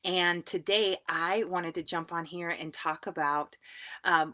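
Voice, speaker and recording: A woman therapist giving a casual live video talk from a small home closet, chatty and quick to laugh. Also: on the low side. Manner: chatty, laughs easily, warm asides. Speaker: therapist and wellness coach.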